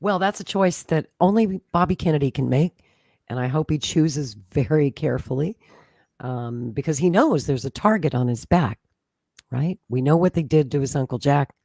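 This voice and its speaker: A woman's voice: low-pitched, moderate pace, warm tone, no room sound, clean studio sound. An American woman talking politics as a podcast guest, confident and talkative, with frequent restarts. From United States. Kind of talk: casual political chat.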